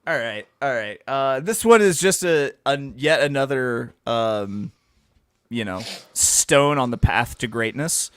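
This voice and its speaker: A man talks through his betting picks in a loose, jokey way, teasing his co-host along the way. His voice sits at an ordinary pitch. The recording is dry and close, with no room sound. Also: expressive, measured pace, fairly bright tone, clean tone, dry recording. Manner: joking, quizzing his co-host. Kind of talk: casual sports betting banter.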